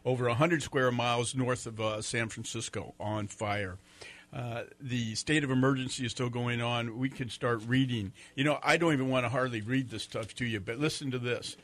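A man's voice: medium pitch, steady tone, moderate pace, a bit bright. Chatty male morning radio host. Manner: joking, chatty, reads fire reports with fillers. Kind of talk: casual morning radio banter. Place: radio studio. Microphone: studio microphone.

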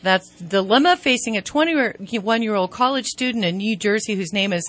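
A woman co-hosting a casual morning radio show, lively and quick to giggle. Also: mid-range voice, faint music behind. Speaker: radio co-host.

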